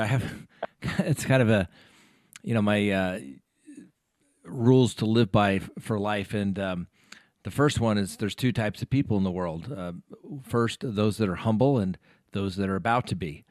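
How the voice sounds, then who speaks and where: A man's voice: on the low side, no room sound, clean studio sound. A man hosting an interview as a trial attorney, talking casually with frequent restarts and repeated words.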